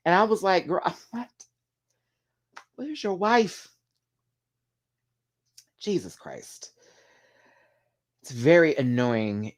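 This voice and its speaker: A man hosting a casual live chat with viewers, talking in a sassy, animated way and swearing freely. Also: fairly low pitch. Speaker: live stream host.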